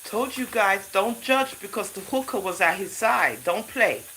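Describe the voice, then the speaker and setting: A woman's voice: medium pitch, a little slow, a little hiss or hum, low-quality recording. A woman with a Jamaican accent hosting a casual livestream, reading scripture aloud in a preachy way and thanking viewers by name. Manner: animated, preachy, addresses chat viewers by name. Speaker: livestream host.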